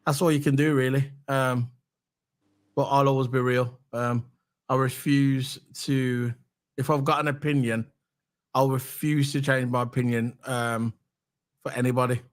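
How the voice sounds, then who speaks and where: A man's voice: mid-range voice, little pitch movement, unhurried. A British man hosting a casual live stream, blunt and opinionated, repeating his phrases. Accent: British English. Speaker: streamer host. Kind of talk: casual chat.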